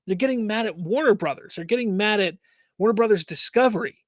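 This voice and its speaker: A man's voice: sits high, fast talker, no echo, clean studio sound. A man hosting a live fan news stream, reading chat comments aloud and ranting with exasperated rhetorical questions.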